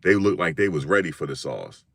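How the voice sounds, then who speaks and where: Deep-voiced man from Virginia, chatting. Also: brisk, creaky, dry recording. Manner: animated slangy storytelling, acts out quotes. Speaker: live-stream host. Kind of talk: casual live-stream chat.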